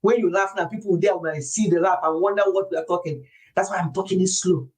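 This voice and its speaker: A middle-aged woman hosting a wellness show, chatting to a group in a lively, confiding storytelling way. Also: fairly low pitch, brisk, rough recording. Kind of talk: casual chat to a group.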